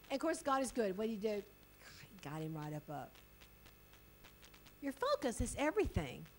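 A woman delivers a sermon in a high, bright-pitched voice. Her pitch swings widely as she talks. She laughs often and keeps it chatty and animated while reading scripture aloud. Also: low-quality recording. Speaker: preacher.

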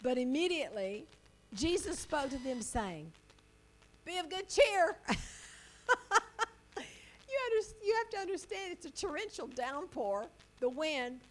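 High, lively woman preaching. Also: unhurried, long pauses, rough recording. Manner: laughs often, animated and chatty. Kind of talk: sermon.

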